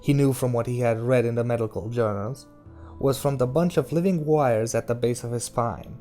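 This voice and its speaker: A man reading a novel aloud in a steady, measured narrating voice. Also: medium pitch, faint music behind. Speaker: audiobook reader.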